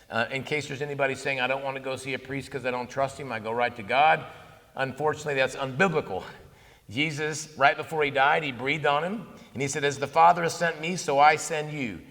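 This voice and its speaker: A man in his fifties giving a conversational, animated talk on Catholic faith at a conference, telling stories with asides. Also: a little high, gravelly. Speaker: conference speaker. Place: conference hall. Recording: long hall reverb.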